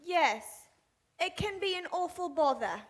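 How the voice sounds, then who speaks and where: A young woman plays a prim, fluttery lady with a very high, bright, sing-song voice. She speaks slowly and properly, gushing over every little thing. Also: expressive. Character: prim English woman, Cecily Pigeon, giggly. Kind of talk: stage play scene.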